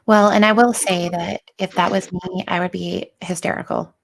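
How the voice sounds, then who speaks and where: A woman with a low, gravelly voice chats on a podcast, keeping her pitch steady and flat. She asks questions back and laughs lightly as she talks. Her tone stays easy and conversational. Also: normal speed. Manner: questioning, chatty, laughs through points. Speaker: podcast co-host. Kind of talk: casual true-crime discussion.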